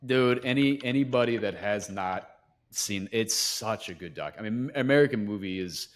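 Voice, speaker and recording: A man's voice: on the low side, normal speed. A man hosting a podcast in casual chat, enthusiastic and loose, saying dude and swearing. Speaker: podcast host.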